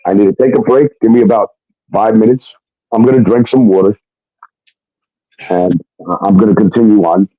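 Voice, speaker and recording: A man's voice: lowish voice, normal speed, pauses often, no echo, lo-fi sound. Profane man retelling a hard story. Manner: profane, animated retelling with quoted dialogue. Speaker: guest telling his story. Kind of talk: casual storytelling.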